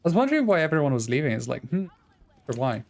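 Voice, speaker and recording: A man's voice: fairly high pitch, big pitch swings, rapid-fire, gravelly, a little mellow. A man live-streaming a tactical shooter, chatting casually with viewers in a rambling, self-deprecating, joking way. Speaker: game streamer. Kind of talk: casual live-stream chat while gaming.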